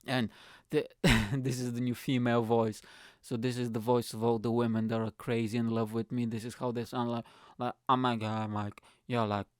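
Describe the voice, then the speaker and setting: A young man rants on his comedy podcast, profane and animated. His voice is smooth and resonant at a middle pitch. It is recorded dry and close at home. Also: normal speed, no room sound. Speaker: podcast host. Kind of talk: ranting comedy monologue.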